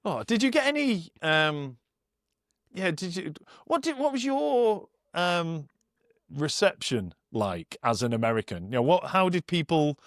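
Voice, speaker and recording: A man's voice: on the high side, sing-song, unhurried, no room sound, studio quality. A man hosting a podcast, chatting casually, joking and laughing as he tells stories. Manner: jokey, laughing, mocks accents. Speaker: podcast host.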